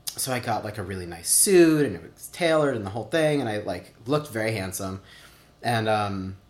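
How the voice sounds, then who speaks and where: A man in his thirties shares personal stories for an oral history in a chatty way, peppered with "like" and acted-out quotes. His lowish voice is expressive and somewhat dark in tone at a moderate pace, set against a roomy echo.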